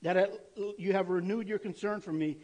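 A man with a notably high voice delivers a sermon. He talks to his listeners in an earnest, conversational way and keeps posing rhetorical questions. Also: fairly even intonation, brisk, darkish tone, dull audio. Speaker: pastor.

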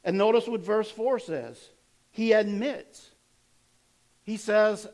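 High-voiced preacher with dramatic swings. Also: male voice, slow pace, long pauses, a little mellow. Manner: dramatic retelling with rising and falling intensity. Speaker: pastor. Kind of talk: sermon.

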